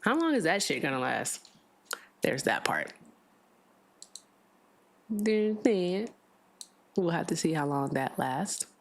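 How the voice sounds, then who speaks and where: A woman with a notably low voice hosts a home livestream on a desk mic. She talks casually and loosely, breaking off into sarcastic side comments as she reads. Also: very animated, slow, long pauses. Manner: chatty, sarcastic asides while reading aloud. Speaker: livestream political debate host.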